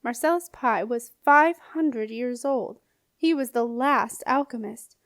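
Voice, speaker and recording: A woman narrates a storybook in an expressive reading voice. Her voice sits fairly high, and the recording is close and dry with no room echo. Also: slow pace. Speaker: audiobook reader. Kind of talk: scripted narration.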